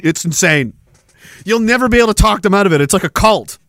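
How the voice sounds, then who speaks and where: A man with a high voice hosts a livestream podcast, rambling through a profane rant. He swears freely and chuckles as he goes, jumping from loud bursts to half-mumbled asides. The sound is close and dry, with no room around it. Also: expressive, fast, vocal fry, no echo. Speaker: podcast host.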